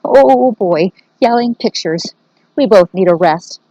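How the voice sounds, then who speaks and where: A woman voicing a jittery male art thief in a storybook, raising her voice high and excitable. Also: takes it slowly, no room sound, muffled recording. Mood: boastful.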